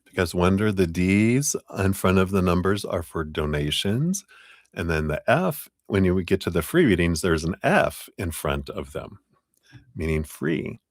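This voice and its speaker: Deep-voiced and lively, a man reads tarot cards on a livestream at a measured pace, chatting casually and laughing easily. His talk rambles and is packed with "you know" fillers, captured in echo-free studio quality.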